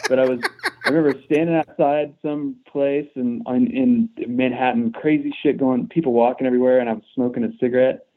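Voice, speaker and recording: A man from Kansas, a musician appearing as a podcast guest, tells stories in a casual, rambling, profane and self-deprecating way with many restarts. His medium-pitched voice is steady and a little fast, heard through narrow, tinny audio.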